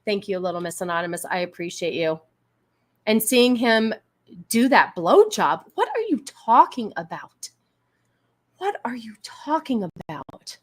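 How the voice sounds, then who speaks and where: A woman with a fairly high voice runs her live stream in a loose, casual way. She argues with chat in an exasperated tone and stops to thank donors. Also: expressive, a little slow, fairly bright tone. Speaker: livestream host. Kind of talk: casual political commentary stream.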